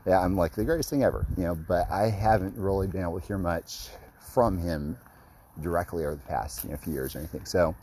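A man telling an excited, rambling story about his custom card work, full of fillers. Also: low voice, a little fast, a little hiss or hum, poor audio. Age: adult, grew up a fan. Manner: rambling, many fillers, gushing.

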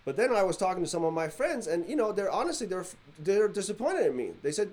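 A man from the Middle East telling a story in casual podcast chat, animated and acting out quoted dialogue. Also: high-pitched, fast talker, few pauses.

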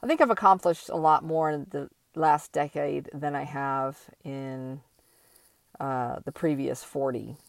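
An older woman talking slowly and thoughtfully in a reflective personal monologue, with many pauses and fillers. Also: low voice, vocal fry, no echo.

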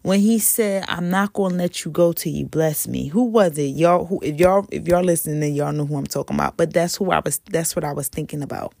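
A woman talks through her faith on a home podcast, her voice low and gravelly with a little fry. She rambles in a casual way, corrects herself mid-sentence, and speaks straight to listeners as "y'all." The recording is dry and close, with no room sound. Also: a little fast, few pauses, darkish tone, no room sound. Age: adult, mother of a toddler. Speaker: podcast host.

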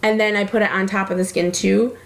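A woman's voice: medium pitch, fairly even intonation, fast talker, creaky, roomy sound. A woman co-hosting a casual chat among friends, rambling, laughing often and swearing freely.

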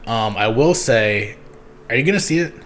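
A man's voice: medium pitch, animated, moderate pace, a bit bright, a little hiss or hum. A young man hosting a casual podcast chat, rambling with lots of ums and giggles. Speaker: podcast host.

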